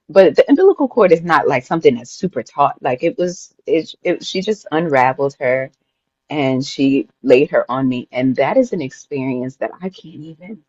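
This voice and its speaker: A woman guest on a podcast, recounting a personal story in an emotional, lively, conversational way. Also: low-pitched, moderate pace, breathy edge, no echo, lo-fi sound. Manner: vivid, emotional retelling that often laughs and acts out her own past words. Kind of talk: personal storytelling in a casual interview.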